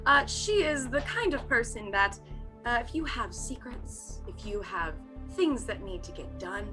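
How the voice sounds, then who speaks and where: A woman player describing a character in a measured tone. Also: fairly high pitch.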